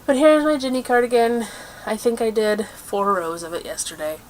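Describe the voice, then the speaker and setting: A woman hosting a crafting video podcast in casual chat, chatty and quick with asides, laughing often. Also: fairly high pitch, expressive, a little hiss or hum. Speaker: podcast host.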